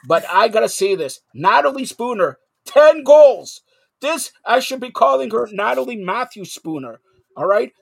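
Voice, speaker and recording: A man hosting casual sports talk, sarcastic and animated, getting loud and sing-song when he rants. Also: very high voice, moderate pace, gravelly, husky, dry recording.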